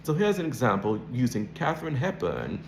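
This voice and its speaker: A man's voice: medium pitch, huge pitch swings, a little fast, gravelly, reverberant, slight background noise. A man coaching an accent, explaining and demonstrating sounds in a lesson.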